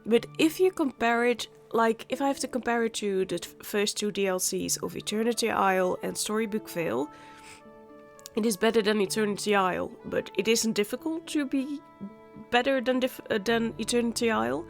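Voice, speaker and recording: A woman's voice: a little high, normal speed, gravelly, faint music behind. A woman hosting a gaming channel, talking through a game in a chatty, candid way while nursing a sore throat. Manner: chatty, candid, muttering asides. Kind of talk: casual let's-play commentary.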